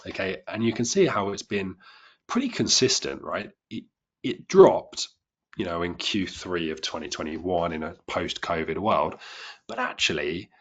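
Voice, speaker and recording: A man's voice: deep voice, lively intonation, unhurried, husky. A man teaching a trading lesson to a live class, chatty and self-deprecating, often restarting and repeating words as he explains. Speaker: trading instructor.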